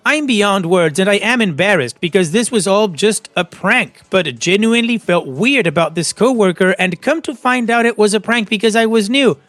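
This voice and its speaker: A man's voice: sits high, expressive, normal speed, few pauses, a bit bright, no echo, soft background music. A man narrating online posts aloud and adding friendly, advice-giving commentary between them.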